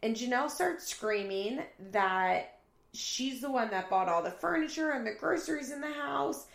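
A woman talks through a reality TV episode in a relaxed, chatty recap. She often jumps into quoted lines with a louder voice. Her voice has a gravelly edge, and the room around her has a noticeable echo. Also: a little high, normal speed. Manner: animated retelling, acts out quoted lines with raised voice. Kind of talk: casual recap commentary.

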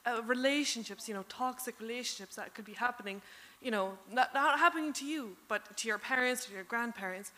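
A woman's voice: on the high side, fairly quick, few pauses, sharp tone. A woman from Canada with a Canadian accent tinged by Cork, hesitantly asking a question from the audience with many fillers. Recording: hall reverb.

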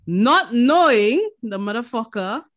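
A woman with a Saint Lucian accent, a podcast co-host telling lively stories in casual chat, laughing and swearing freely. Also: a little high, slow pace.

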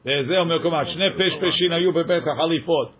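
A man teaching a text study class, reading passages quickly and translating them line by line, joking with his students. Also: fairly high pitch. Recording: dull lo-fi recording.

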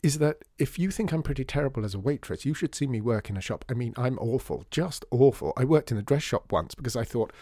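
A gushing young woman fashion student, as a male narrator puts her on, rambling and chatty in a lively voice. She sits higher than the reader's own tone and sounds mellow, in a dry, close recording. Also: fast, few pauses, no echo, lightly acted. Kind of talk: audiobook character voice.

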